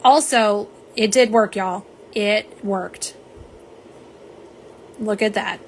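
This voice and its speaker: Her voice sits in the mid range and she draws out her words, with a little hiss or hum in the recording. On her live nail polish stream she chats easily with viewers, addressing them as "y'all" and reading aloud and replying to chat comments.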